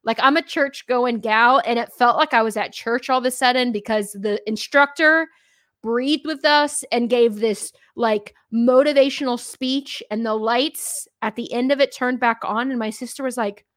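A woman's voice: a little high, moderate pace, a bit bright, dry recording. A woman hosting a podcast, chatting casually and telling a personal story. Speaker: podcast host. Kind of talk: casual conversation.

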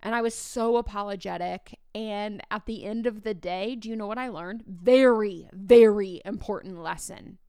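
A woman's voice: mid-range voice, normal speed, hardly any pauses, clear, resonant tone, no echo, studio quality. A woman in her thirties, a teacher hosting a podcast, telling a story in a casual way and acting out the dialogue with lots of fillers. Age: 30s. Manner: animated, acts out quoted dialogue, many fillers.

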